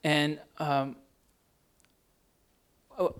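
A man's voice: on the high side, level tone, extremely slow, smooth. A young man preaching a casual, conversational sermon to students, often tagging his points with "right?". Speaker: pastor.

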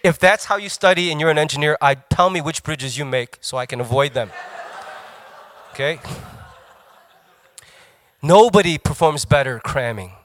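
A middle-aged man preaching a sermon in an animated, joking, self-mocking storytelling way. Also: fairly high pitch, moderate pace, pauses often. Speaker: pastor.

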